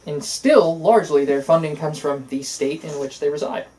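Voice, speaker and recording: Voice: medium pitch, normal speed, a little mellow, poor audio. Casting: talk co-host, casual political chat, opinionated, long rambling runs, filler-heavy. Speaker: podcast co-host.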